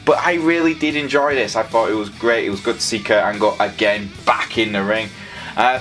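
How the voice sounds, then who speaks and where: Guy rambling through a wrestling recap, sarcastic, mid-pitched, faint guitar under it. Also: sing-song, fairly quick, a bit bright. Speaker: wrestling show reviewer. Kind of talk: casual review commentary.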